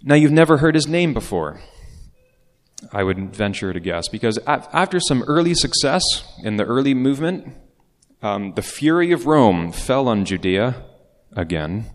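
A man's voice: mid-range voice, animated, normal speed. A man preaching a sermon as pastor, in a conversational way with casual asides. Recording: long reverb of a large hall.

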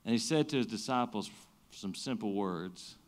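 A man's voice: lowish voice, lively intonation, moderate pace. Man preaching conversationally. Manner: conversational preaching, frequent restarts, rises and drops in energy. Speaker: pastor. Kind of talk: sermon.

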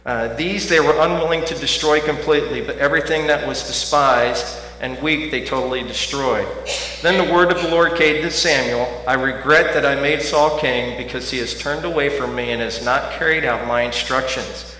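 A man preaching a sermon in a church, talking conversationally and swinging from quiet reflection to loud emphasis. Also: mid-range voice, normal speed. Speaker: pastor. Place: church sanctuary. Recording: echoey hall with faint hum.

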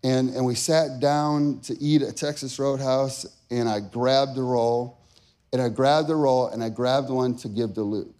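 A man preaching, telling a personal story with strong emotion that builds from quiet talk to shouted peaks. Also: mid-range voice, fairly even intonation, unhurried. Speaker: pastor.

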